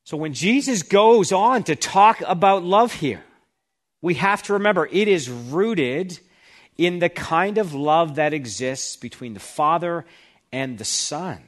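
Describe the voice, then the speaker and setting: A man's voice: on the high side, lively intonation, a little slow. A man preaching an expository sermon, reading scripture aloud with emphasis and explaining it to the congregation. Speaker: pastor.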